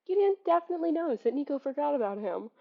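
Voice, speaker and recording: A woman with a fairly high voice rants through a book critique, animated and exasperated, laughing and swearing along the way. The audio is a bit dull and lo-fi. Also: fast, vocal fry. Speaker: book reviewer. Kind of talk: casual spoken book critique.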